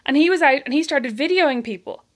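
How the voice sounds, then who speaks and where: An Irish woman co-hosting a podcast, telling neighbour stories in a lively chatty way and acting out the voices of people she quotes. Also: high voice, brisk. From Ireland. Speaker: podcast co-host. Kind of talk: casual storytelling chat.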